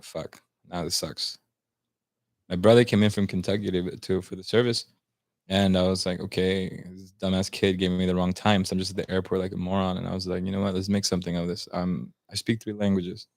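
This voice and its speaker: Fast-talking deep-voiced young man. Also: steady tone, no room sound, studio quality. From United States, Salvadoran family. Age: 20s. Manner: fast, slangy, mixing Spanish into English. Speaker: podcast guest. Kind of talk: casual chat, storytelling.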